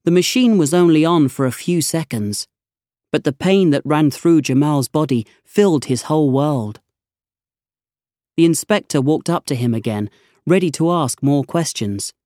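A narrator reading a storybook aloud in a measured, scripted way. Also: medium pitch, warm tone, no room sound, studio quality.

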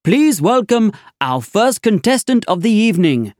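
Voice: medium pitch, big pitch swings, a little slow, darkish tone, no echo, studio quality, voice pushed up. A storybook reader voicing a showy male quiz show presenter with a grand, announcing delivery.

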